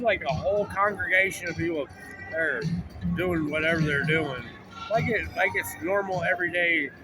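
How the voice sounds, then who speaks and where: A man telling a long, rambling story outdoors by a road, profane and full of "like" and restarts. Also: high-pitched. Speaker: vlogger. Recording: clear music behind the voice.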